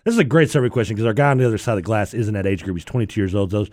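A man's voice: fairly low pitch, rapid-fire, a little mellow, no echo, studio quality. A man hosting afternoon sports talk radio, chatty, laughing often and telling stories. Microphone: studio microphone.

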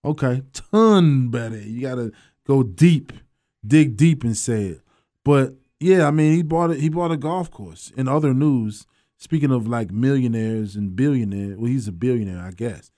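A man's voice: medium pitch, moderate pace, warm tone. A man hosts a sports talk radio show in loose banter, joking, laughing and trailing off mid-sentence. His voice sits in a middle register.

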